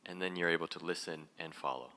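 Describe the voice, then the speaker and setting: A man with a very bright, ringing voice gives an inspirational talk on stage. He is playful and animated, his pitch and volume leaping as he puts questions straight to the crowd. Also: fast, a little hiss or hum. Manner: playful and animated, with big jumps in pitch and loudness; addresses the audience directly with questions. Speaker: motivational speaker.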